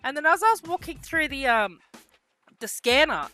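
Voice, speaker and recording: Bright-voiced woman telling a story. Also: high voice, moderate pace, dry recording. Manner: casual, swears freely; lively storyteller, acts out quotes. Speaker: vlogger. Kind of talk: storytime vlog.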